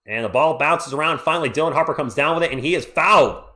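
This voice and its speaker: A man hosting a live play-by-play stream, calling the action and chatting with viewers in an excitable, jokey way. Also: on the high side, fast talker. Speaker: livestream play-by-play host. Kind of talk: live play-by-play with chat reactions.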